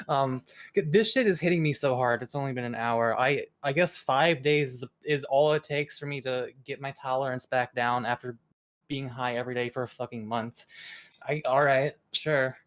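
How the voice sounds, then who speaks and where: A streamer in casual chat, reading quiz pages aloud with stammers and swearing, at times in a mock news-anchor delivery. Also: medium pitch.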